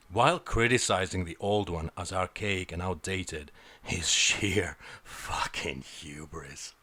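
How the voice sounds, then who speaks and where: A man's voice: deep voice, dry recording. A man giving an opinionated film review, blunt and sarcastic, swearing freely.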